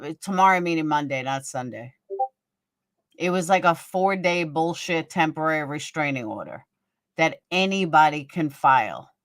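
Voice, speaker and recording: Blunt low-voiced woman livestreamer. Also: moderate pace, fairly bright tone, no room sound, studio quality. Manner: blunt and profane, gossipy, chats with viewers by name. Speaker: livestream host. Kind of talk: casual livestream chat reading viewer comments.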